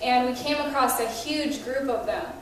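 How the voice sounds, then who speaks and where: A woman speaker sharing testimonies at a conference, telling animated stories with quoted dialogue and laughing between lines. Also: sits high, normal speed, heavy background noise. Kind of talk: testimony storytelling. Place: large conference hall. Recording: echoey hall, voice from a distance.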